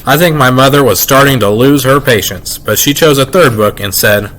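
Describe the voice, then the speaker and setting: A man reads a children's chapter book aloud, telling it in a lively, expressive way. His voice sits at an everyday middle pitch. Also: moderate pace, hardly any pauses, poor audio. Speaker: reader. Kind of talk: reading a children's novel aloud.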